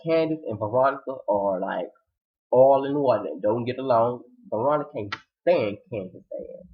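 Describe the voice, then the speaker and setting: A man giving a casual, animated recap of a TV drama episode, retelling scenes dramatically and acting out the characters' lines. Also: medium pitch, moderate pace, narrow, tinny audio. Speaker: TV show reviewer.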